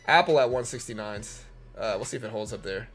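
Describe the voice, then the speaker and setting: A man's voice: medium pitch, quick pace, fairly bright tone, soft background music. A young man from Louisiana with a Southern accent, chatting casually and giving live market commentary. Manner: laid-back, chatty, uses lots of fillers. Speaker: live stream trader.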